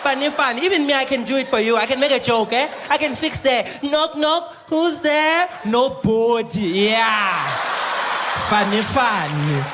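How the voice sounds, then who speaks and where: Stand-up bit: man doing a shrill, taunting receptionist lady, live crowd laughing. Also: background noise. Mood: teasing. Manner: teasing, sing-song, drawn-out taunts. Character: blunt mocking female hospital receptionist. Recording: live stage mic with audience laughter.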